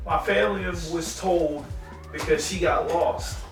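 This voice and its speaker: A man with a fairly high voice explains things firmly and slowly in a casual chat. He sits away from the mic in an echoey room, with faint music behind. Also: distant mic.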